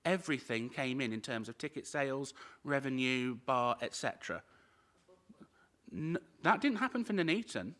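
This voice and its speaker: A man's voice: medium pitch, fairly bright tone. A man giving a firm, emphatic speech as a council cabinet member at a formal meeting.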